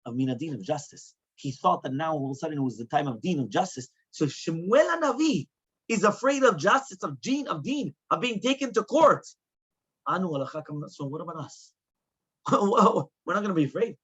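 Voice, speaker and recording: A rabbi gives a Talmud class in a somewhat high, husky voice. He keeps the lesson going with rhetorical questions and moves between Hebrew and English. The recording sounds dull and muffled. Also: lively intonation, fairly quick, fairly bright tone. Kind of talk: Talmud lecture.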